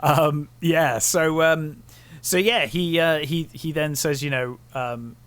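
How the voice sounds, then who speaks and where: A man's voice: on the high side, slow pace, fairly bright tone, clean tone, dry recording. A man co-hosting a casual film review podcast, retelling scenes and quoting lines in a loose acted voice. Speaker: podcast co-host.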